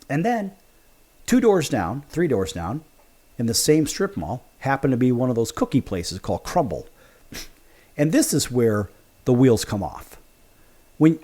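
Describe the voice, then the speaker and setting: A man's voice: medium pitch, mellow, breathy edge. A male sports show host telling a casual story, acting out both sides of each conversation.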